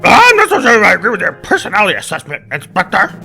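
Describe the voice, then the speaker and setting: A man doing a loud pompous rooster lawyer. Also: sits high, wildly swooping pitch, fast, creaky, soft background music, voice pushed up, heavily acted. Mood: haughty. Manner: loud, haughty, indignant. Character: pompous high-strung male rooster lawyer.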